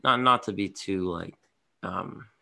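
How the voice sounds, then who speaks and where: A man's voice: low-pitched, takes it slowly, vocal fry, sharp tone. A tired man co-hosting a hockey podcast, giving blunt, rambling opinions. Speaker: podcast co-host. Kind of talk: casual hockey podcast chat.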